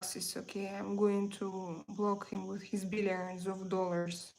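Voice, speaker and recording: A woman's voice: mid-range voice, completely flat delivery, creaky, darkish tone. A Russian woman in her thirties with a Russian accent, chatting casually with viewers on her livestream and reading out their comments. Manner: chatty, reads out viewer comments, quick to get heated. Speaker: livestream host.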